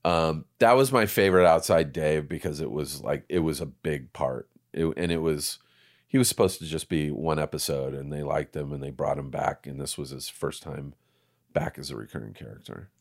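A man in his fifties, an actor guest on a podcast, telling stories in relaxed chat and swearing freely. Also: extremely low pitch, normal speed, gravelly. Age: 50s. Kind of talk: casual interview chat.

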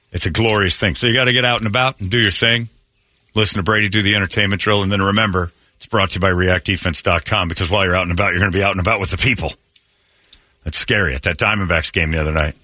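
A man hosting a casual morning radio show, telling animated stories and acting out quotes in a raised voice. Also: lowish voice, no room sound, studio quality.

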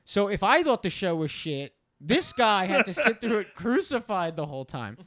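A man co-hosting a podcast, telling an animated, rambling story full of fillers and swearing. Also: sits high, moderate pace. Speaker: podcast co-host.

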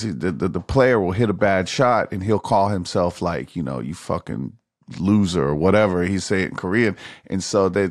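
A man's voice: lowish voice, dry recording, clean studio sound. A man hosting a casual podcast chat, telling a story full of swearing and laughter, recorded outdoors on a golf course. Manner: profane, laughing anecdote teller. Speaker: podcast host.

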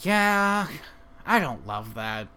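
A man's voice: medium pitch, sing-song, slow pace, bright, forceful tone, clear, resonant tone. Wry man recapping a movie casually. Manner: wry, laughs at his own jokes, fillers. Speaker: podcast co-host.

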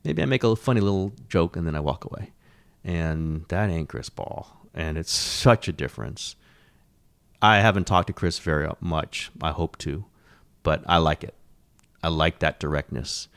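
Middle-aged male sports host, deep voice, rambling, animated, casual. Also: normal speed, gravelly, clear, resonant tone. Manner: rambling, animated, swearing, frequent restarts. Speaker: sports columnist and podcast host.

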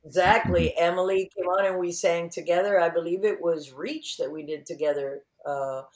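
A woman's voice: lowish voice, moderate pace, roomy sound, slight background noise. A woman guest in an interview, chatting casually and acting out quotes as she tells stories. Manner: animated storyteller, acts out quotes.

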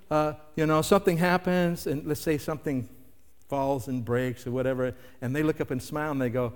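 An older man preaching a sermon in a conversational way, asking the listeners rhetorical questions. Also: on the high side. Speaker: pastor. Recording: long hall reverb.

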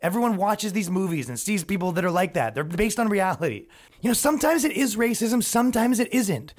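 A man's voice: high voice, very animated, brisk. Male podcast host; loose, profane, sarcastic rant with lots of restarts. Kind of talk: comedic rant.

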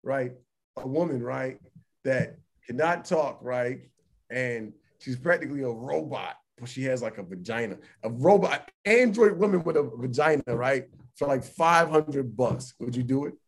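A man co-hosting a podcast in casual, profane chat, animated and laughing loudly. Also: medium pitch, moderate pace. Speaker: podcast co-host.

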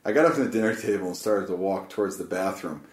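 Earnest rambling man in a roomy space. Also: sits low. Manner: earnest, rambling, halting with restarts. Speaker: guest. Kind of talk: casual storytelling chat. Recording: roomy echo.

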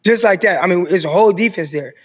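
A man's voice: high voice, quick pace, big-room sound. A man in his thirties from California, a guest telling his story in casual chat and acting out what others said. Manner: animated, acts out others' voices.

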